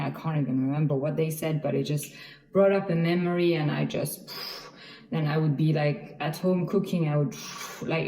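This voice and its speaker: A woman from France, sharing personal stories in a panel chat in an earnest, halting way. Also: sits low, mellow. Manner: earnest, halting, many restarts and fillers. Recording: roomy echo.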